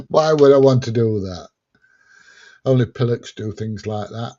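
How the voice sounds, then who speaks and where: Speaking slowly at medium pitch, this man has a mellow voice heard through lo-fi audio. As host of a casual livestream, he reads out questions from viewers and gives plain answers.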